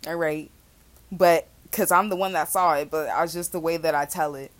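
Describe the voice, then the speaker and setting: A woman's voice: sits low, steady tone, moderate pace, dry recording. A young woman in her twenties hosting a podcast, chatting casually with slang and swearing. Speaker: podcast host. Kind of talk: casual chat.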